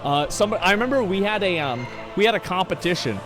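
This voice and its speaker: A man's voice: high-pitched, big pitch swings, brisk, music in the background. Profane, exasperated male streamer. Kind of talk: casual livestream commentary answering chat.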